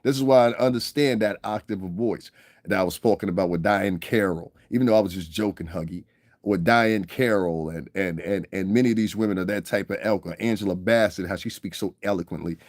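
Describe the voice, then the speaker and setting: A man's voice: sits low, a little fast, darkish tone, no echo, studio quality. A man ranting on a casual livestream, profane and rambling, constantly asking if you understand and laughing at his own stories. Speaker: livestream commentator.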